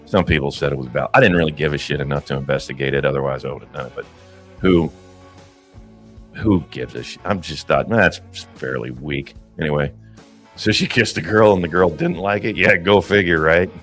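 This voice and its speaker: Very deep-voiced blunt man. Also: fairly quick, a bit bright, faint music behind. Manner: blunt, profane, laughing asides. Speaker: commentary host. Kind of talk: casual commentary.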